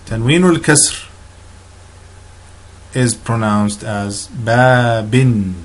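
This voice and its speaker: Husky man slowly explaining a lesson. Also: fairly low pitch. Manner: patient explaining with frequent restarts and fillers. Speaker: student presenter. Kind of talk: narrated slideshow lesson.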